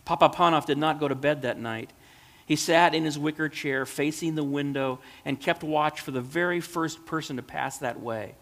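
Measured male storyteller in a reverberant hall. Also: fairly high pitch, fairly bright tone. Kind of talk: storybook reading.

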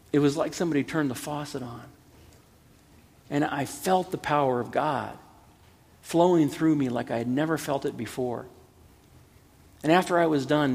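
Gravelly earnest pastor preaching in a hall. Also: male voice, medium pitch, a little mellow. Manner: earnest, pleading, builds to emphatic peaks. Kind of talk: sermon.

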